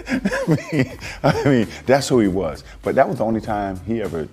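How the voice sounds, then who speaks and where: A former basketball player telling a story in an interview, animated and laughing as he goes. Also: mid-range voice, measured pace, soft background music.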